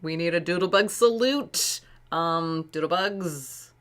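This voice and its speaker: A woman's voice: low-pitched, measured pace, a bit bright. A woman in her late thirties chatting casually and rambling on a live art stream, laughing often. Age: late 30s. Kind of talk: casual live-stream chat while painting.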